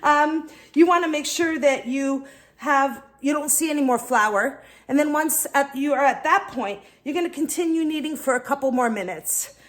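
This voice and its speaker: Chatty high-voiced woman teaching cooking. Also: moderate pace. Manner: chatty, talks viewers through each step. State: out of breath from kneading. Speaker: cooking channel host. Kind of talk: casual cooking demonstration.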